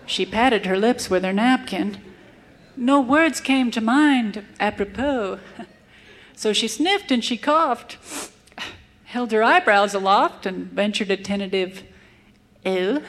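A woman's voice: a little high, slow pace. A woman reciting a humorous rhyming cowboy poem in a wry storytelling manner. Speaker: cowboy poet.

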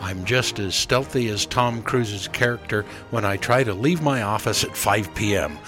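A man's voice: lowish voice, music in the background. An older man co-hosting a radio show, telling dad jokes in a folksy, chuckling way. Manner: folksy, chuckling, slow joke delivery. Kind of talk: casual joke-telling chat.

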